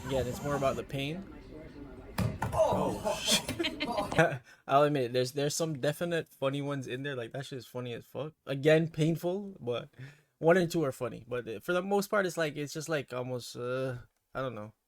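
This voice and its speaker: A man's voice: mid-range voice, lively intonation, moderate pace. A man hosting a casual reaction video, laid-back, swearing freely and laughing often. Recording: loud background noise.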